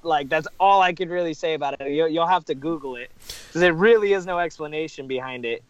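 A man with a slightly high voice, recorded dry and close. He jokes and swears loosely, stumbling over restarts in a casual podcast chat. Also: fairly quick, dry recording, lo-fi sound. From Southern California. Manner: joking, profane, stumbling restarts.

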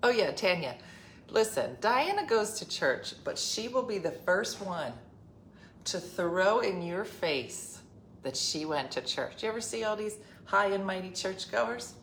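A middle-aged woman hosting a casual chat, telling a family story in a wry, deadpan way and acting out the arguments. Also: mid-range voice, unhurried, slight background noise. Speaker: podcast host. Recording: roomy echo, faint background ambience.

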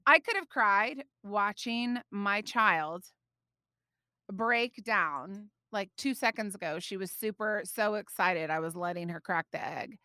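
A woman in her thirties hosting a devotional podcast, telling a personal story in an animated, chatty way with frequent laughs and fillers. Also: mid-range voice, unhurried, no echo, clean studio sound. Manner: frequent fillers such as like and you know. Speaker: podcast host.

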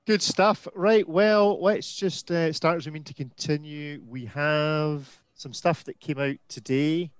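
A man's voice: on the high side, fairly even intonation, a little slow, hardly any pauses, clean tone, no room sound. A man hosting a casual live video-call chat, easygoing and self-deprecating, often tripping over his words. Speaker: host.

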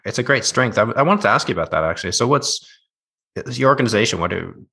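Man, interviewer, gravelly, husky, thoughtful, conversational. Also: medium pitch, lively intonation, fast, bright, forceful tone. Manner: thoughtful, asks follow-up questions.

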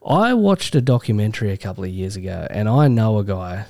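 Australian male co-host, low mellow voice, dry close mic, easygoing deadpan banter. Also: fairly quick, no echo. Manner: laid-back, dry joking. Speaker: podcast co-host. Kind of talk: casual sports banter.

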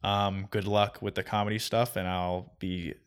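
A man's voice: on the low side, flat delivery, moderate pace, smooth. A man hosting a podcast in casual chat, laid-back, laughing often and swearing freely. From New Jersey. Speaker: podcast host.

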